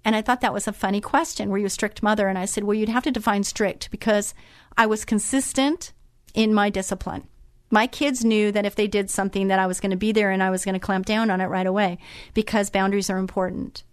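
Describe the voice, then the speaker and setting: A woman's voice: medium pitch, fairly even intonation, quick pace, no echo, clean studio sound. A middle-aged woman hosting a radio show, chatting in a motherly way with many fillers and restarts. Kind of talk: casual chat.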